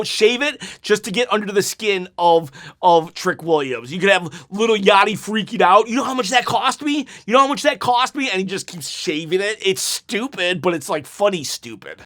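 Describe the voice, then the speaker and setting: Young male host, high voice, casual opinionated wrestling commentary with viewer comments. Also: fairly bright tone. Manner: chatty, opinionated, restarts and laughs. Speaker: wrestling talk show host.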